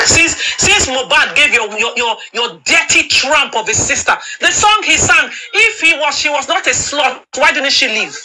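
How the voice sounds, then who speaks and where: A woman's voice: sits high, lively intonation, moderate pace, hardly any pauses, noisy background. A woman delivering a furious, insulting rant on a live video panel, stammering and repeating herself as she talks over a phone mic. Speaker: panel speaker. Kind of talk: angry live-stream rant.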